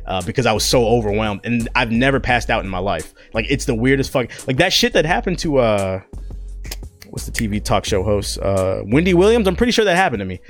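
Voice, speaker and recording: A man's voice: mid-range voice, very animated, brisk, faint music behind. A young man and content creator telling a personal story in a casual, profane, slangy way.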